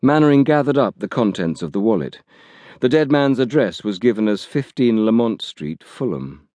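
A man reading an audiobook thriller aloud in a measured, dramatic storytelling manner. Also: mid-range voice, lively intonation, warm tone, dry recording. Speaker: audiobook narrator. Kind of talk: scripted narration.

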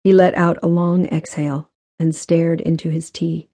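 Woman audiobook narrator; measured, mellow tone, dry close mic. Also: low voice, no echo. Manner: measured, even storytelling. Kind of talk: scripted narration. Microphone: close studio mic.

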